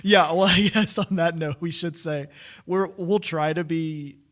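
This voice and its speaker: A man's voice: a little high, steady tone, unhurried, a bit bright, slight background noise. A man in his late twenties co-hosting a casual podcast, joking and rambling with many restarts. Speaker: podcast co-host. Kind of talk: casual chat.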